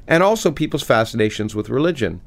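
A middle-aged male physicist and author being interviewed, talking with animated enthusiasm and many restarts. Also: medium pitch, quick pace, creaky. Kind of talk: conversational interview, reading aloud from his book.

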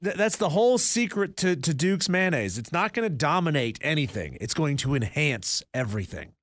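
A man's voice: on the high side, very animated, moderate pace, fairly bright tone, no echo, clean studio sound. A man co-hosting live radio, making wry remarks and steering the segment toward a break. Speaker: radio co-host.

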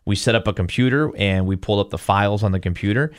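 A man's voice: fairly low pitch, quick pace, no room sound, studio quality. A male podcast host retells a story casually, acting out quotes as he goes. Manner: animated retelling, acts out quotes.

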